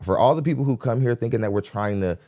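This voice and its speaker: A man hosting a live podcast stream, giving energetic shout-outs to viewers and then talking plainly to them. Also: medium pitch, fast talker, no room sound, studio quality. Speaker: podcast host. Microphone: dynamic studio mic. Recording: hip hop music underneath.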